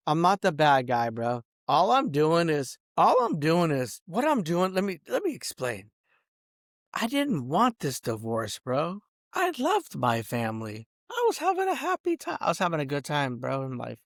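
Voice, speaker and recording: A man's voice: on the high side, wildly swooping pitch, moderate pace, a bit bright, dry recording, studio quality, soft background music. A middle-aged man in an angry, rambling vlog rant, swearing and ending sentences with "bro" and "dog". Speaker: vlogger.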